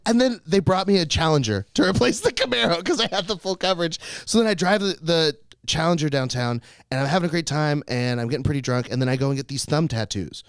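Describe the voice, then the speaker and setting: A man's voice: on the high side, lively intonation, fast, few pauses, clear, resonant tone, dry recording, studio quality. A young man, a comedian co-hosting a podcast, telling rambling stories in casual chat and laughing often.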